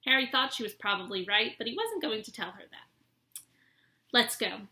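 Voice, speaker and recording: A woman's voice: fairly high pitch, big pitch swings, fairly quick, pushed and bright. A woman teacher reading a children's book aloud expressively.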